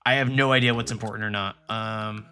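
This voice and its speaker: A man's voice: on the low side, steady tone, a little fast, pushed and bright. A man casually commenting as he plays a video game on a stream, rambling with lots of fillers and jokes. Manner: rambling, filler-heavy, joking. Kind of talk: casual let's-play commentary. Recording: game music behind voice.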